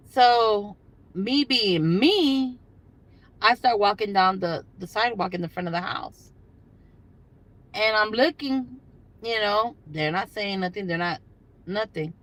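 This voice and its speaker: A woman's voice: medium pitch, animated, unhurried, a bit bright, rough recording. An older woman hosting a casual livestream from her car, talking to viewers by phone in a rambling, chatty way with lots of fillers. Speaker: livestream host. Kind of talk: casual live chat with viewers. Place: in a parked car.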